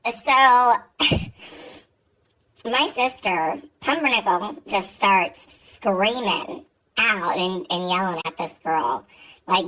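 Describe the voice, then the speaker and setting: A woman vlogger with a bright, forward voice tells a neighborhood story straight to camera. She talks casually and swears freely, with lots of "you know" and "like" along the way. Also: medium pitch, slow, pauses often, poor audio. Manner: chatty, profane, full of fillers and asides.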